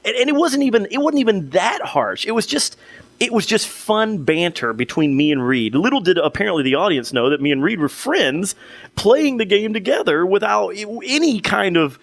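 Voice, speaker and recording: A man's voice: sits high, big pitch swings, normal speed, creaky, dry recording. A young man co-hosting a podcast, telling a long story in casual chat with many restarts and fillers. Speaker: podcast co-host.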